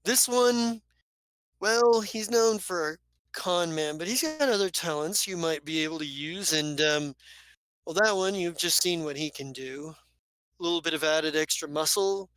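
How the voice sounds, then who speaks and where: A man voicing a shrewd male spacer in a tabletop game, measured and persuasive. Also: fairly high pitch, a bit bright, smooth, no echo, poor audio.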